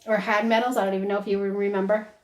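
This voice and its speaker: A woman's voice: mid-range voice, flat delivery, racing, a little mellow. Chatty woman giving a medium reading. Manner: chatty, keeps checking in with questions; relays messages as quoted speech. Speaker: psychic medium.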